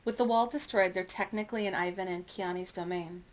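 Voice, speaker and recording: A woman reading a children's novel aloud with clear, expressive storytelling. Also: on the low side, brisk. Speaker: reader.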